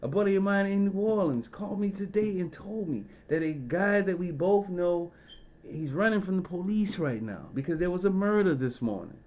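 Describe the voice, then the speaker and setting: A man's voice: high voice, expressive, moderate pace, darkish tone. A man in a casual storytelling rant, profane and rambling, full of fillers and side remarks. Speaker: vlogger.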